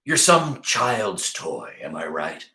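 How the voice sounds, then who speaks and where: Brief: a male teacher playing a courtly gentle-giant tramp for a storybook read-aloud, low and unhurried, roomy sound. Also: very animated, heavily acted. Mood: warm courtly. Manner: slow, low, soft-spoken and formal. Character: huge gentle drifter man, courtly and kind.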